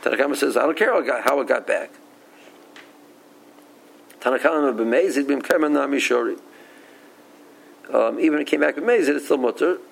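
A man's voice: mid-range voice, fairly quick, vocal fry, pauses often, rough recording. A man giving a Talmud study lecture, reasoning aloud and mixing English with Aramaic and Hebrew terms, often repeating himself as he restarts sentences. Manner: frequent restarts and repeated words. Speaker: Talmud teacher.

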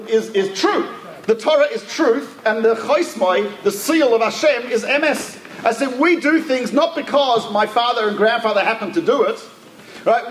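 A man with an Australian accent, a rabbi telling anecdotes in a lively religious talk, often restarting his sentences. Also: extremely high pitch, roomy sound, a little hiss or hum. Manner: animated anecdotal storytelling with restarts.

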